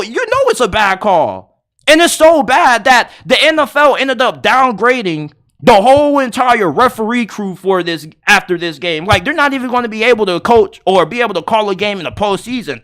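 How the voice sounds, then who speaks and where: A man hosting a solo sports podcast, retelling a game in an excitable, animated way with casual slang. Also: very high voice.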